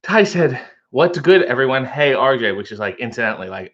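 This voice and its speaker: A man's voice: mid-range voice, very animated, brisk, a bit bright, highs cut off. A man hosting a casual live stream, reading out viewer comments and answering them with wry, joking asides.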